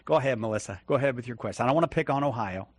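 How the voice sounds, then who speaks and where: A man's voice: mid-range voice, rapid-fire, no room sound. A man hosting a call-in radio show who takes callers in a jokey, self-deprecating way. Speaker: radio host.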